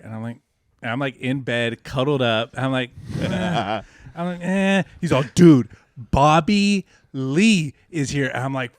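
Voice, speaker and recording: A man co-hosting a podcast, telling an animated, profane story in casual chat. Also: mid-range voice, no echo, studio quality. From California. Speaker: podcast co-host.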